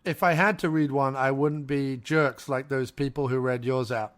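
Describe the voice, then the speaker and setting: A man's voice: medium pitch, steady tone, normal speed, a bit bright. A man hosting a podcast, chatting casually with frequent laughs and reading a listener's email aloud. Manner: easygoing, laughs often. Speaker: podcast host.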